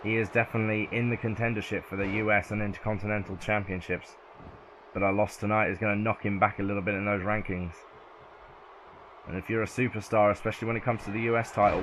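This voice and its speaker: Excitable southern English man calling play-by-play. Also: lowish voice, background noise. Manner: excitable, yells at near-falls. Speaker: video game commentator. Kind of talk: play-by-play game commentary.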